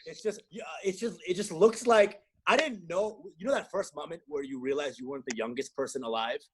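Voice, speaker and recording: A man's voice: a little high, brisk, a little hiss or hum. A man, a comedian guest on a podcast, joking in casual banter and swearing freely. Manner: lively, profane banter with laughter. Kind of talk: casual chat.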